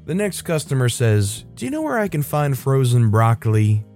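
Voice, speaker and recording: A man reads reddit stories aloud at a brisk clip and adds wry comments between them. He speaks in a mid-range voice and briefly changes it for the quoted people. Faint guitar music plays under his voice. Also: medium pitch, very animated, darkish tone. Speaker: story narrator.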